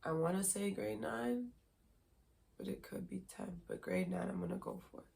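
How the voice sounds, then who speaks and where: Gravelly-voiced woman telling a story. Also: medium pitch, normal speed, darkish tone. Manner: rambling, heavy filler words, nervous laughs. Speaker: podcast host. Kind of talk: candid personal storytelling.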